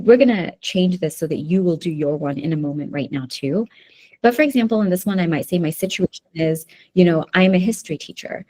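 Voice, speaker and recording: Mellow-voiced woman presenting a webinar. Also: on the low side. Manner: talks to the audience with frequent "okay?" and "right?" checks. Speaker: workshop presenter. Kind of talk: live webinar lecture. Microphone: video call.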